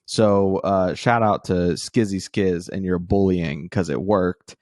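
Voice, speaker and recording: A young man co-hosts a casual podcast in a relaxed, self-deprecating way. His voice is very low, and the dry, close recording has no room sound. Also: slow, no echo. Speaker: podcast co-host. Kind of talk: casual chat.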